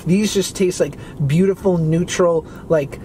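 A man's voice: sits high, steady tone, measured pace, warm tone. A man, a guest in a casual food-tasting chat in a parked car, joking crudely and telling wild stories. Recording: noisy car interior.

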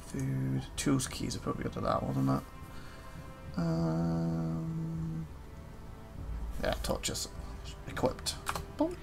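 Gamer, gravelly voice, chatty running commentary with sudden excited yelps. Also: medium pitch, over music. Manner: chatty, talks to game characters, quick excited outbursts. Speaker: let's play gamer. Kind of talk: casual gameplay commentary.

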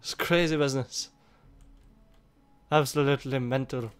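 A man giving casual, excitable gameplay commentary, swearing a lot and laughing at the game. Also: medium pitch, moderate pace, clear, resonant tone. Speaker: gaming YouTuber. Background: faint game music.

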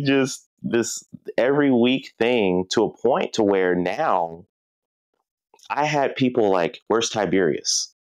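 A man's voice: lowish voice, slow, no echo. A man being interviewed on a podcast, telling stories casually and acting out the voices of people he quotes. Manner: animated, acts out quoted voices. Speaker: podcast guest, game collector and video creator.

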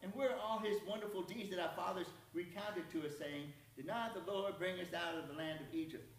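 A sarcastic young Gideon, voiced by a man preaching, grumbling with attitude at the one talking to him. The voice sits fairly high for a man, and it rings out far from the mic in an echoey church hall. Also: sing-song, fairly quick, darkish tone, slight background noise. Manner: sarcastic, complaining. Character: sarcastic, bitter young male farmer Gideon.

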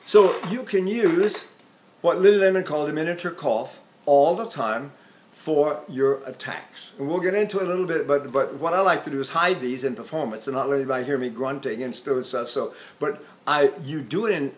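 A man's voice: on the high side, lively intonation, a little fast. An older man teaching singing in a chatty, self-mocking way, breaking into sung vowel demonstrations. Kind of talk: spoken vocal lesson with sung demonstrations.

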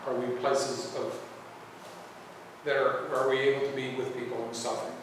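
A man's voice: medium pitch, flat delivery, moderate pace. A man who is a priest gives an earnest, reflective presentation to a church assembly and poses searching questions. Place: assembly hall. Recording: echoey hall from far off with room noise.

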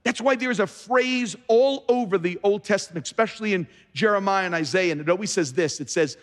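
A man's voice: sits high, brisk. A man preaching a sermon as pastor in a large church, emphatic and often repeating words as he starts sentences. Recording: long reverb of a large hall.

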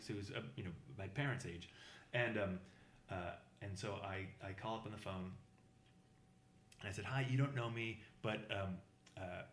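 A podcast guest from Boston, USA, tells a long travel story in casual conversation, full of fillers and restarts, and slips into the voices of the people he quotes. His middle-pitched voice has a fairly bright tone, the room is echoey, and there's a little hiss or hum.

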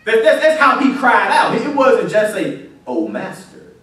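A man's voice: very high-pitched, animated, normal speed, fairly bright tone. A man preaching a sermon in a church, emphatic and building to crying out as the congregation answers. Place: church sanctuary. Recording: very echoey church from a distance.

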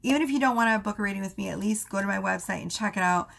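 A woman giving a casual tarot reading, rambling with many fillers and asides, her voice going hoarse. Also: mid-range voice, rapid-fire, fairly bright tone. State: losing her voice. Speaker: tarot reader.

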